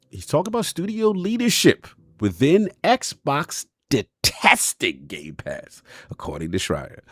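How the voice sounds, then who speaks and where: A man hosting a casual gaming podcast, setting up the topic and laughing loudly with his co-hosts. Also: sits low, no echo, studio quality. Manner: animated, breaks into loud laughter. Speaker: podcast host.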